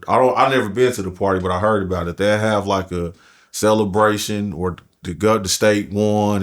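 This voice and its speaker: A man telling a prison story in casual, profane street talk as a podcast guest. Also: fairly low pitch. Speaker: podcast guest, formerly incarcerated.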